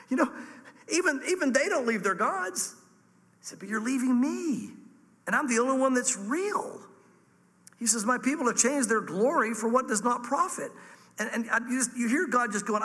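A man preaches a sermon with fervent emphasis, his voice very high and bright, leaping up and sinking low from phrase to phrase. His words ring out with a long hall reverb trailing behind them. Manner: fervent, emphatic preaching with sudden pitch jumps and drops. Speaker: pastor.

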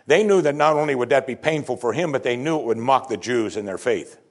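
A man preaching a sermon, animated, acting out the quoted speakers and swinging between loud emphasis and hushed lines. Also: medium pitch, fast talker. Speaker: pastor.

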